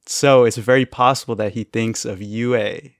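A man's voice: mid-range voice, fairly even intonation, moderate pace, no echo, clean studio sound. A man co-hosting a podcast, casually recapping a cartoon episode, laughing often as he retells scenes. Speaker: podcast co-host.

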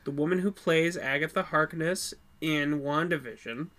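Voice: medium pitch, moderate pace, fairly bright tone. A podcast co-host who talks bluntly, swears casually and often repeats words when starting a thought, in a casual movie review chat.

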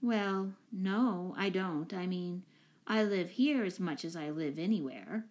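A woman reading aloud, voicing a shy homeless boy who speaks slowly and hesitantly. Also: on the low side, darkish tone. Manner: mumbling, hesitant.

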